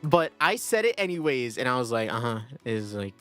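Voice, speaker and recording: A man's voice: medium pitch, big pitch swings, normal speed, fairly bright tone, smooth, soft background music. A young man chatting casually on a livestream, rambling and self-deprecating, often breaking into laughter. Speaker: streamer.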